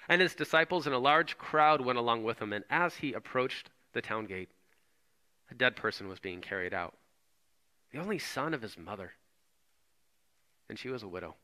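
A male pastor preaching a sermon, retelling scripture in casual, animated storytelling. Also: lowish voice, moderate pace, pauses often.

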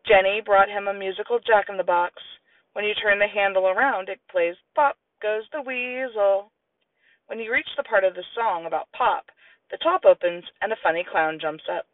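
An audiobook narrator reads a children's story aloud at normal speed, voicing the characters and giving the kids high squeals. His delivery is lively, and the tinny, lo-fi recording sounds radio-like, with a distant mic and no room sound.

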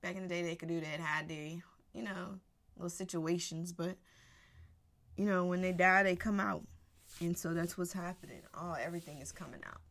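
A woman's voice: on the low side, fairly even intonation, normal speed, a bit bright. A woman hosting a podcast, giving an unscripted personal monologue in casual slang, candid and emphatic with laughter between thoughts.

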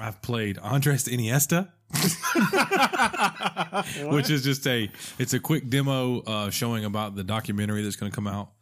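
A man's voice: medium pitch, lively intonation, a bit bright. A man hosting a podcast in casual chat, enthusiastic and joking. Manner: enthusiastic, joking, quick to laugh. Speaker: podcast host.

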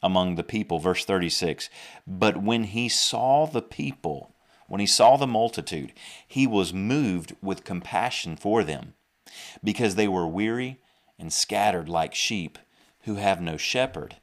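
A man's voice: low voice, lively intonation, measured pace. A young man with a Southern US accent preaching a podcast sermon earnestly, often repeating and restarting his phrases.

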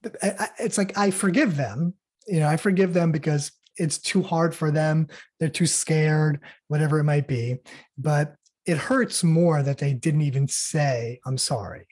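A middle-aged man speaking earnestly and haltingly as a guest in an interview. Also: fairly high pitch, a little mellow, slightly rough. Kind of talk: emotional interview talk.

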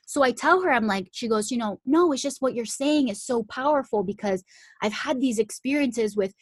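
A woman's voice: fairly high pitch, animated, moderate pace, slightly rough, no room sound. A young woman telling a long story in casual talk, full of "like" fillers, acting out the voices of the people in it. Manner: chatty, full of "like" fillers, acts out the quoted voices.

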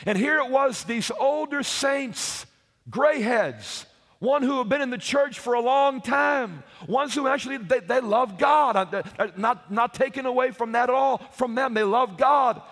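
A man with a very high voice delivers a sermon, repeating his words and rising to shouts to drive home his key points. He asks his listeners "Hello?" to press his points. His voice rings out with a long reverb, as in a large hall. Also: a little slow. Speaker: preacher.

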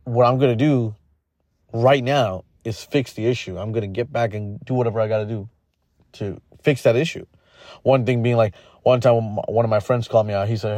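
Man, podcast host, motivational monologue, blunt and casual, lots of fillers, middle pitch, dry close sound. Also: fairly even intonation, a little fast, a little mellow, no room sound.

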